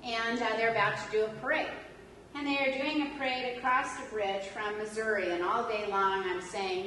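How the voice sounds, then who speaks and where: A woman from California telling lively stories in a lecture, laughing often and poking fun at herself. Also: fairly high pitch, moderate pace, slight background noise. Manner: animated, laughs often, self-mocking humor. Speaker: religion instructor. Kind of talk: storytelling lecture. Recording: echoey hall taped from far off.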